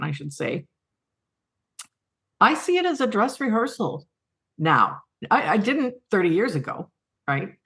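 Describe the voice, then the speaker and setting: A woman's voice: mid-range voice, fairly bright tone. A middle-aged woman, a guest on a podcast, speaking in an earnest, heartfelt way and laughing often. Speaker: guest, coaching academy co-founder. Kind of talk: podcast conversation.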